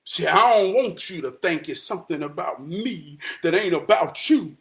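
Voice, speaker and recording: A man telling a coaching story and preaching about God, dropping to a hush for some lines, shouting and singing others, in casual Southern slang. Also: high voice, animated, moderate pace. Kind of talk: spirited inspirational talk, preaching and singing.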